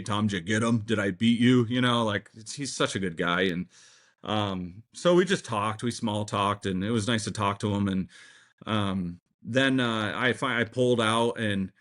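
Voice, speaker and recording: A young man telling a long story in a casual interview, rambling and excitable, full of fillers and restarts. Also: lowish voice. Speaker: tournament fishing pro, guest.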